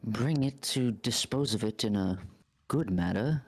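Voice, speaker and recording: A man's voice: medium pitch, unhurried, dry recording. A man, a player in a tabletop game, speaking in character in a hesitant, polite way. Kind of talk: tabletop role-play in character.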